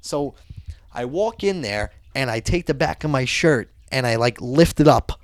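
A man's voice: mid-range voice, expressive, moderate pace, no room sound, clean studio sound. Profane New man telling a story. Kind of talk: casual chat.

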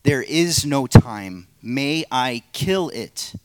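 A male pastor voicing a powerful angel who speaks slowly and firmly. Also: medium pitch, lively intonation, dry recording. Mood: stern. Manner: slow, firm, repeating demands. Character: bright powerful male angel, stern and insistent.

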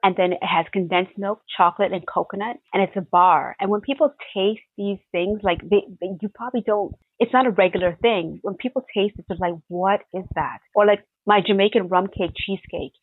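A young woman chef telling her stories with lively animation, laughing as she goes. The sound is tinny and narrow like a phone call, and bone dry with no room around it. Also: medium pitch, a little fast, few pauses, slightly rough, dry recording. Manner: animated storytelling, laughs often. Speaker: pastry chef guest. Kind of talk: casual interview answers.

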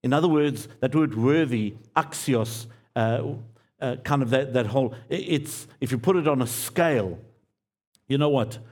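A man preaching a sermon as pastor, earnest and pleading, repeating key phrases and dropping to quiet, low endings. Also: moderate pace.

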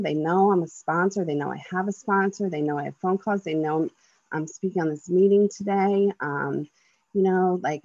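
A woman's voice: fairly low pitch, darkish tone, no echo, highs cut off. A woman in her thirties giving an earnest personal share at a twelve-step meeting, talking loosely with many ums, likes and restarts.

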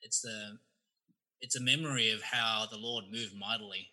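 Bright-voiced Australian man. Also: lowish voice, moderate pace, poor audio. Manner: relaxed and friendly, uses slang. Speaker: podcast guest. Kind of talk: casual chat.

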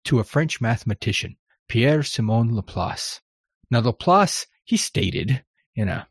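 A man's voice: mid-range voice, breathy edge, no room sound, clean studio sound. A man hosting a podcast, talking through a scripted monologue in a conversational, wry manner. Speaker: podcast host.

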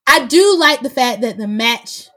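High-voiced woman in a dry close recording. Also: expressive, a bit bright, no echo. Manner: laid-back, drawn-out, laughing often. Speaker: podcast co-host reviewing wrestling. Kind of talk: casual chat.

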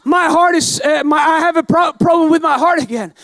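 A pastor delivers a lively storytelling sermon to a live audience in a strikingly high, slightly fast voice, mocking himself and laughing. As the story builds he often breaks into shouts, and the sound is dry and close with no room echo.

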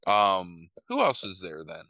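Brief: male podcast host, profane storyteller, tense bright tone. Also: deep voice, measured pace, no echo, poor audio. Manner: animated, profane, rambling retelling. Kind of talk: casual chat.

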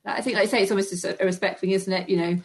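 A woman chatting casually in a group, soft-spoken and hesitant with many agreeing fillers. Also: mid-range voice, fairly even intonation, rapid-fire, crowd noise. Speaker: watch enthusiast guest.

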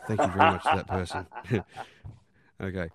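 A man's voice: deep voice, animated, moderate pace, a bit bright. A man hosting a casual podcast chat, rambling through stories and swearing freely. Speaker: podcast host.

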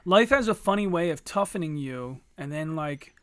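A man's voice: fairly high pitch, moderate pace, clear, resonant tone, dry recording. A man talking bluntly and with a lot of swearing, telling stories in a casual podcast chat. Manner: blunt, profane, animated storytelling.

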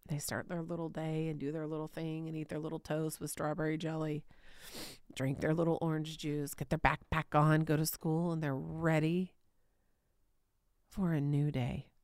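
A woman in her thirties giving a devotional teaching, soft and tender, often dropping to a whisper. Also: sits low, level tone, normal speed, no room sound, studio quality. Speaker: podcast host.

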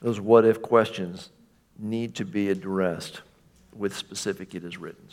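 A man's voice: low-pitched, steady tone, measured pace, a little mellow. A man preaching a sermon in a conversational tone, often checking in with the congregation and sometimes mimicking voices. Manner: mimics a taunting voice for quoted questions. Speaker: pastor.

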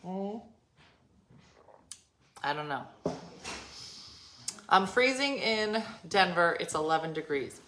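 Low-voiced chatty woman streaming live. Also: lively intonation, slow pace, long pauses, bright, forceful tone, slight background noise. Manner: chatty and rambling, with frequent "um" and "like". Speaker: livestream host. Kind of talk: casual live-stream chat. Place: at home.

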